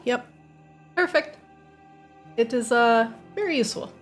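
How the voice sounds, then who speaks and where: A woman's voice: mid-range voice, expressive, normal speed, faint music behind. A woman narrating and explaining the rules as game master of a tabletop role-playing game, chatty with many fillers.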